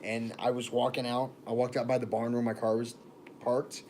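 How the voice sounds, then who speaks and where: A man's voice: mid-range voice, level tone, moderate pace, darkish tone, a little hiss or hum. Chatty man rambling on a livestream. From born in Texas, raised in Florida. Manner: rambling, chatty, greets viewers by name. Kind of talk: casual livestream chat.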